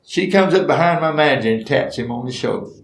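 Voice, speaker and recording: An older storyteller shares funny personal tales in a folksy way, acting out the voices and laughing at his own stories. His mid-range voice is fast and gravelly, and the recording has a roomy sound.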